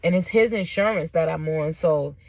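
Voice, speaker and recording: A woman's voice: low-pitched, moderate pace, a little mellow, dry recording. A woman telling a personal story on her vlog, emphatic and blunt, with frequent asides to her viewers. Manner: blunt and profane. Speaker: vlogger.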